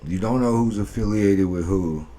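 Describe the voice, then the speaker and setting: A man's voice: lowish voice, moderate pace, dark tone, slight background noise. A man hosting a reaction video, giving laid-back, opinionated commentary and repeating his points. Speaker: reaction channel host.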